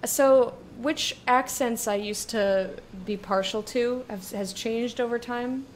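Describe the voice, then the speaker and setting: A woman streaming a video game and chatting casually with her viewers, talking in a drawn-out way that lingers on words. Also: a little high, slight background noise.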